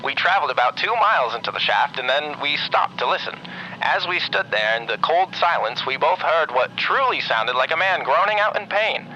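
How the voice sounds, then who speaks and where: A man's voice: a little high, lively intonation, normal speed, sharp tone, dull audio, a little hiss or hum. A man voicing a former army officer from long ago, reading a letter in a formal, old-timey manner. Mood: stiff, dramatic. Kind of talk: comedic reading of a historic letter.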